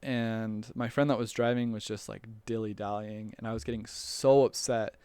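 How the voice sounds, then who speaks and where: A man's voice: on the low side, fairly even intonation, moderate pace, warm tone, clean tone, no room sound. A young man casually telling a personal story, chatty and rambling with lots of fillers and restarts. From United States. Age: young adult. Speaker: returned missionary telling his story.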